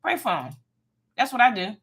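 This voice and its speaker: Young woman on a live stream, sassy and preachy, kinda high, really bright tone. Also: very animated, moderate pace. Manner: sassy, emphatic, preachy with laughs and asides to viewers. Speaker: livestream host giving life advice. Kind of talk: casual faith-based livestream talk. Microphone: phone or webcam livestream.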